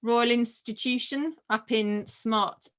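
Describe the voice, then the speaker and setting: Animated woman telling a story. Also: a little high, takes it slowly. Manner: animated, laughs often, many restarts and fillers. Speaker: guest. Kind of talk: personal storytelling in a conversation.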